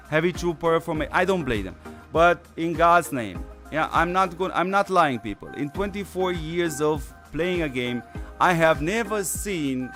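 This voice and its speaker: Brief: male gaming host, losing his voice, loose rambling delivery, slightly high voice, faint background music. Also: fairly bright tone. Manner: rambling, many fillers and restarts. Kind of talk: casual stream commentary.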